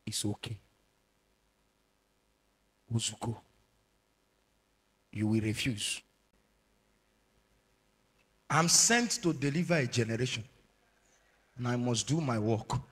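A man with a Nigerian accent preaching a sermon as an evangelist, moving from low murmurs to shouted warnings. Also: lively intonation, takes it slowly, pauses often, husky. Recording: long hall reverb.

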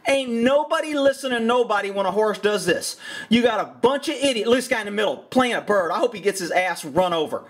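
A man with a very high voice for his sex rants over a video in blunt, exasperated commentary. He swears freely and talks with plain frustration. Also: expressive, fast talker. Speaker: horse trainer and commentator.

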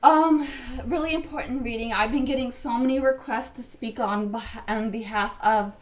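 A woman speaking emotionally to her channel's viewers, rambling and halting with many fillers. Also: fairly high pitch. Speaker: psychic YouTuber. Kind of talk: vlog-style reading intro.

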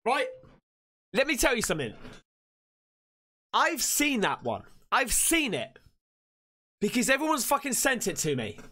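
A man hosting a reaction video, jumpy and swearing freely, shouting when something startles him. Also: extremely high pitch, wildly swooping pitch, unhurried, pauses often. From England. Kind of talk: excitable reaction commentary.

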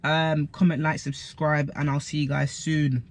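A man's voice: a little high, flat delivery, unhurried, loud music behind the voice. A young man, telling a story in slangy, chatty vlog style with quoted asides. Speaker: vlogger. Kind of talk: casual storytime.

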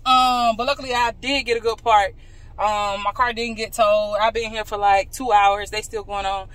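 A woman vlogging casually to her viewers from her car, candid and playful with quick asides. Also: medium pitch, level tone, fairly bright tone. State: out of breath. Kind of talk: casual vlog talk to camera. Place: walking outdoors, then sitting in her car.

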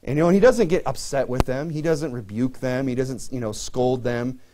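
A man's voice: mid-range voice, normal speed, warm tone, slight background noise. A middle-aged man preaching a sermon to his church in a conversational way, full of "you know" fillers. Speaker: pastor.

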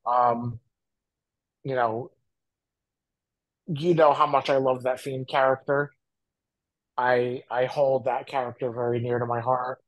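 Earnest rambling man, mid-pitched voice. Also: level tone, slow, pauses often, dry recording, rough recording. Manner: earnest, rambling, frequent "you know". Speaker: podcast co-host. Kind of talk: casual podcast chat.

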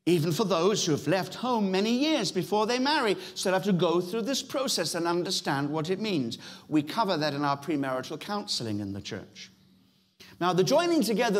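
A middle-aged man with a British accent preaching a sermon in a church, emphatic, repeating key phrases and speaking straight to the congregation. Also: high-pitched. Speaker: pastor.

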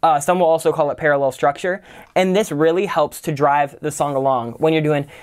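A man's voice: fairly high pitch, brisk, clear, resonant tone. A man teaching songwriting in a casual tutorial, talking loosely and filling his sentences with "kind of" and "like". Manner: relaxed, loose, full of "kind of" and "like".

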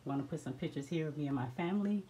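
A woman with a low, deep-set voice talks casually to her viewers, calling them y'all as she shows off her half-built house. She is outdoors on a construction site, recorded on a phone, with clear background noise around her. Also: rapid-fire, dark tone, rough recording. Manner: chatty, addresses viewers as y'all. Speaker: vlogger touring her house build. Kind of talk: casual walk-through vlog.

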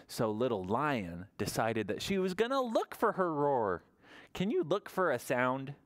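A man leading a library toddler story time, singing action songs and reading aloud in an animated sing-song way to small children. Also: on the high side, moderate pace.

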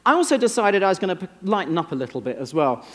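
English man, keynote speaker, dry self-mocking stories, slightly high voice, long hall echo. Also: big pitch swings, racing. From England. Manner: wry, self-deprecating storytelling. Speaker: conference speaker. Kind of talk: keynote talk. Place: conference stage. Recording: long reverb of a large hall.

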